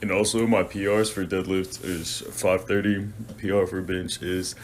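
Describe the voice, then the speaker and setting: A man with a very deep voice brags in a dry, sarcastic deadpan as he talks to the camera at home. Clear noise runs under his speech. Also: normal speed. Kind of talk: casual social media video.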